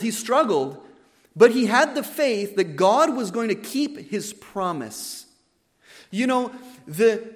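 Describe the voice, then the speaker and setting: A man preaching a wedding sermon as the officiating minister, earnest and emphatic, often repeating his key phrases. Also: high voice. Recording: long hall reverb.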